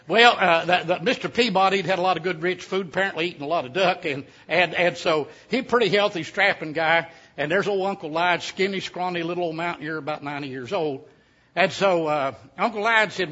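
A man's voice: high-pitched, normal speed, bright, forceful tone. A man, preaching a sermon as a folksy, joking storyteller. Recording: dull lo-fi sound.

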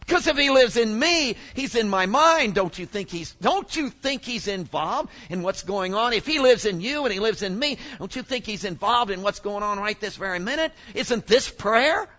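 A man preaching a sermon in an animated way, often exclaiming and asking the congregation questions. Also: sits high, normal speed, hardly any pauses, lo-fi sound.

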